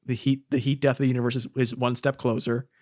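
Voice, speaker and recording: A man's voice: medium pitch, flat delivery, fast talker, a little mellow, no room sound, clean studio sound. A man co-hosting a podcast, recapping with sardonic humor in casual chat. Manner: sardonic, acts out scenes in funny voices. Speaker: podcast co-host.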